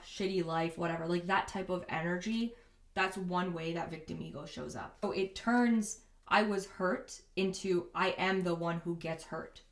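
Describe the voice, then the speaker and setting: Female host, lower-pitched, casual and candid self-help delivery, echoey room. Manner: casual and candid, frequent "like" and "you know". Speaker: podcast host. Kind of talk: reflective self-help talk.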